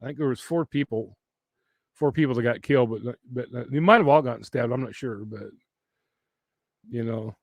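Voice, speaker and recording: A man's voice: medium pitch, normal speed, vocal fry, pauses often, no room sound. A man hosting a casual chat, rambling with lots of fillers and teasing his dog in a playful sing-song voice. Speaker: livestream host.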